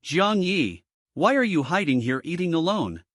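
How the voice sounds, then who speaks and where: Man reading petulant domineering rich girl, coquettish, slightly high voice. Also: sing-song, normal speed, a bit bright, no echo, clean studio sound.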